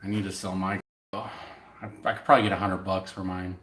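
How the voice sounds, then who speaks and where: A man's voice: sits low, level tone, fairly quick, fairly bright tone, echoey room, a little hiss or hum. A young man rambling casually to his viewers, swearing freely as he chats about his day. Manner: rambling, profane, chatty. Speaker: vlogger.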